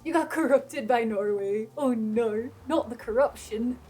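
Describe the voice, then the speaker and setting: A woman streaming a game who chats casually with her viewers and laughs often. Her accent drifts playfully whenever she gets animated. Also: on the high side, a little slow, faint music behind. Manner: chatty, laughs a lot, drifts between playful put-on accents. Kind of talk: casual live-stream chat.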